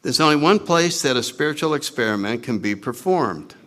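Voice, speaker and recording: Recovery meeting speaker, man, wry and self-mocking, animated voice with lots of swing. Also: mid-range voice, brisk. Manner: animated, acts out his own past lines in put-on voices. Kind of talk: storytelling talk to a meeting audience.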